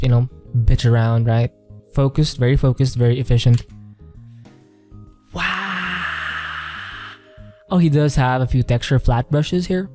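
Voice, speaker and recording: A man giving casual, rambling commentary on artwork, full of fillers and hedging phrases. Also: mid-range voice. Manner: relaxed, rambling, many fillers and "kind of". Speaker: artist reviewing artwork.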